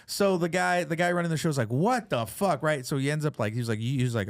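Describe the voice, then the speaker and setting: A man's voice: on the high side, fast, few pauses, no echo, studio quality. A man hosting a podcast, telling stories in casual chat and acting out the quotes, swearing freely. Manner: animated storyteller, acts out quotes, swears freely. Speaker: podcast host.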